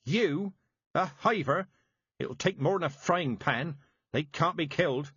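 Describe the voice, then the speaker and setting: A man voicing a stern, sharp-tongued old woman witch who scolds bluntly and briskly. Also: fairly high pitch, husky, no echo, lo-fi sound, voice pushed up. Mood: fierce.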